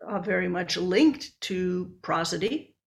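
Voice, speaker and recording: A woman's voice: on the low side, slow pace, vocal fry. A woman researcher and book author explaining her work step by step in an interview.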